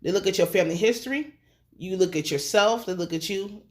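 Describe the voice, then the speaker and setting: A woman's voice: mid-range voice, a little fast, a little mellow. A woman recapping a TV episode in a casual, slangy way, swearing freely and acting out the characters' lines. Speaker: TV episode reviewer.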